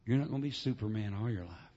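A middle-aged man preaches a revival sermon in church in a shouting preaching cadence, slipping "uh, amen" between phrases. His voice is fairly low and fast, and the audio sounds dull.

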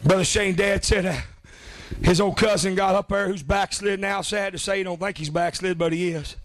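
A man's voice: sits high, fairly even intonation, moderate pace. A man preaching a revival sermon, chanting with a gasped "uh" before each phrase.

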